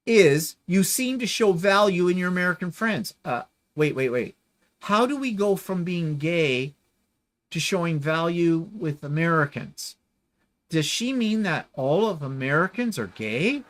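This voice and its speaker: A man's voice: high-pitched, lively intonation, unhurried, a bit bright. A man hosting a quilting livestream, chatting casually and reading viewer comments in a sarcastic, theatrical way. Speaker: quilting channel host.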